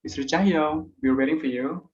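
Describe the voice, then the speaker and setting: A man's voice: a little high, moderate pace. Man hosting an online class. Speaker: moderator. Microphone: video call. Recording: dull online call audio.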